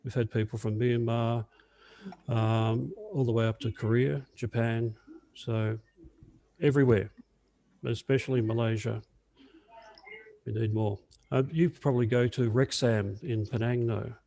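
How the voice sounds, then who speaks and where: A man's voice: medium pitch, fairly even intonation, a little slow, gravelly, long pauses, warm tone, a little hiss or hum. An Australian man presenting in a webinar over a video call, chatty and hesitant with many fillers. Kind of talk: casual webinar talk.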